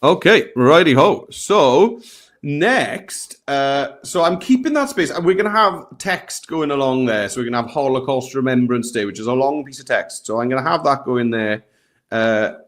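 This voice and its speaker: A man's voice: medium pitch, lively intonation, moderate pace, fairly bright tone. Chatty man teaching a lesson. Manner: chatty, guiding step by step. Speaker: tutorial host. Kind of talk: live software lesson.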